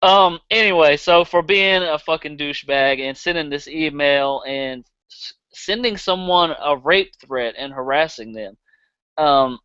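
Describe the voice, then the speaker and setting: A man's voice: on the high side, a little slow, sharp tone, clear, resonant tone, no echo, highs cut off. A man with a Southern accent hosting a casual podcast, blunt and profane, laughing easily. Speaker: podcast host.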